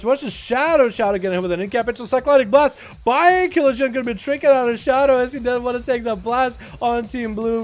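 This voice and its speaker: A young man with an American accent, Russian by birth and first language, hosting a live game stream with quick, excitable play-by-play and frequent laughs. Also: high-pitched. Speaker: livestream host. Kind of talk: live game commentary and chat. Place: hot home room.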